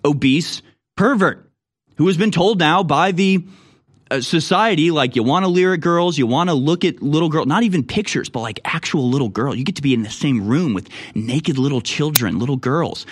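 A man's voice: fairly high pitch, expressive, moderate pace, slightly rough. A man hosting a political commentary show, reading news stories aloud and reacting with indignant, mocking remarks. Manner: indignant, mocking, puts on voices for people he quotes. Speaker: political talk show host.

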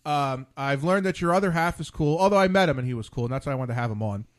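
A man's voice: a little high, expressive, fast. A man hosting a casual late-night talk show, rambling off on tangents with many restarts. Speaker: podcast host.

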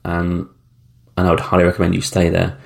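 Male podcast host, 30s, low and gravelly, loose slangy solo storytelling. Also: completely flat delivery, fairly quick. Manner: rambling, chatty, frequent ums, blunt slang. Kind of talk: casual solo travel storytelling.

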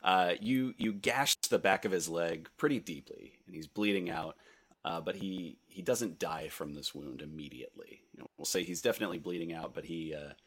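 A young man running a tabletop game, relaxed and hesitant with many fillers. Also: low-pitched, moderate pace, breathy edge. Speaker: game master.

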